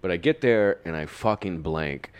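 A man's voice: deep voice, expressive, normal speed, clear, resonant tone, muffled recording. A young man telling a rambling, self-deprecating story in casual chat, laughing often and swearing freely.

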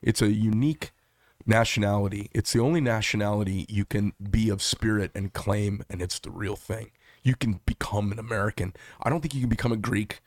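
A man's voice: on the low side, brisk, no echo, studio quality. A middle-aged man hosting a political interview, talking in a passionate, opinionated, rambling way. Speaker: talk show host.

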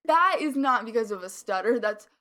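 Rambling young woman, higher voice. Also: animated, moderate pace, fairly bright tone, a little hiss or hum. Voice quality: slight mumble. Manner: rambling, lots of "like" fillers. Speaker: podcast co-host. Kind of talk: casual chat.

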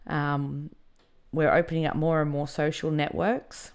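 A woman's voice: deep voice, level tone, unhurried, clean tone. A woman hosting a podcast, candidly telling a personal story in a conversational way. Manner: candid and conversational, with many fillers. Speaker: podcast host.

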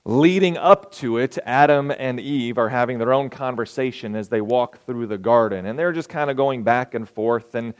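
A man's voice: mid-range voice, normal speed, few pauses, smooth. A male pastor preaching a sermon in a conversational, storytelling way, asking his listeners questions.

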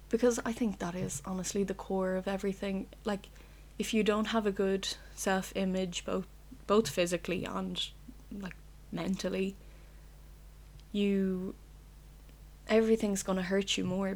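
A young Irish woman talks alone in her bedroom in a loose, casual podcast chat. She rambles candidly and swears without a second thought. Her voice sits at an ordinary middle pitch for a woman. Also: darkish tone. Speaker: podcast host.

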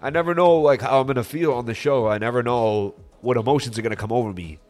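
A man of ordinary pitch hosts a trading livestream, talking loosely and emotionally. His nose is stuffy from crying, and he turns salesy and boastful. Soft music plays faintly underneath. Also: quick pace. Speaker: crypto trading livestream host. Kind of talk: emotional, rambling live-stream talk.

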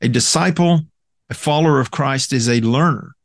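A man's voice: mid-range voice, moderate pace, no echo, clean studio sound. Man teaching a Bible study. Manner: conversational, many fillers and restarts, quotes scripture.

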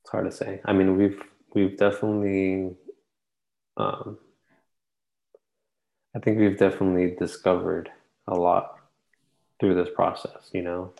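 A man's voice: sits low, completely flat delivery, measured pace, gravelly, pauses often, darkish tone, poor audio. A man co-hosting a faith podcast, chatting casually and rambling with frequent restarts and hesitations. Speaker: podcast co-host. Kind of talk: casual chat.

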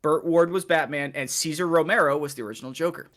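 A man's voice: fairly high pitch, fast, fairly bright tone. A man co-hosting a casual comedy podcast, playful and eager to explain trivia. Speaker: podcast co-host.

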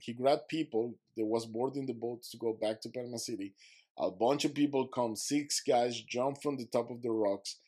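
A man's voice: medium pitch, moderate pace, dark tone. A man who is a podcast guest, telling a vivid story and acting out his own quotes, in slightly broken English.

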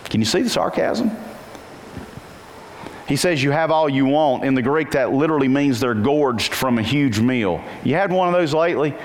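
This preacher often puts questions to his congregation, and when quoting he drags the lines out in a singsong voice with dramatic pitch swings and slowed emphasis. His animated sermon echoes with long reverb and slight noise in the hall.

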